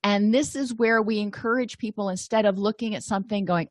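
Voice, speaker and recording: A woman's voice: medium pitch, fairly quick, dry recording. Middle-aged woman lecturing in a dry room. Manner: conversational, thinking aloud with fillers and restarts. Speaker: instructor. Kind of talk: recorded lecture.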